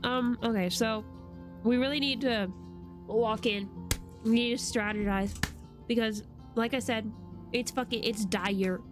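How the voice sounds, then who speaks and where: A young woman streaming a video game, chatting casually and excitably and laughing often as she plays. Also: on the high side, a little slow, pauses often. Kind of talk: casual gameplay chat. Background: game music.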